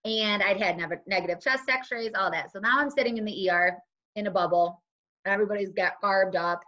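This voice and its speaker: A woman's voice: medium pitch, a little fast. A woman, a guest on a conversational show, telling her own story casually and acting out what other people said to her. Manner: animated, acts out other people's lines. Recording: dull lo-fi recording.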